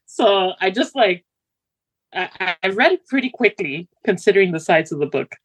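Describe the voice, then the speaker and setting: Animated woman chatting about books. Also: medium pitch, normal speed. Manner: animated, laughing, acts out her own reactions. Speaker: book club member. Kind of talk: casual chat.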